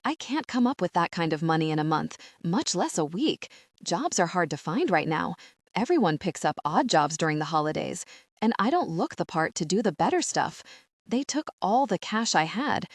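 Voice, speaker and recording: A desperate, frightened young woman, played by the narrator, pleading in a rushed, anxious rush of words. The voice is rather low for a woman and recorded dry and close. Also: lively intonation, a little mellow, no room sound.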